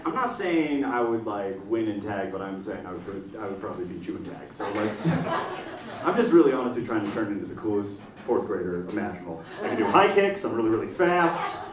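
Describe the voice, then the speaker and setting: A man doing a stand-up comedy set on a small stage, talking in an animated way and dropping into quick silly voices. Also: fairly low pitch, roomy sound, distant mic, noisy background. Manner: animated, swings into quick put-on voices for jokes. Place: small comedy stage in front of a live audience. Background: audience laughing and clapping.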